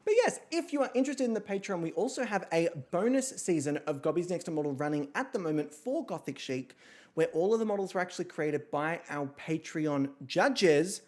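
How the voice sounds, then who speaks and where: A woman streamer talks casually to her chat, rambling from one thought to the next. Her pitch swings up and down in a lively way, and she swears freely between asides. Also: brisk, background noise. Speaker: streamer and host.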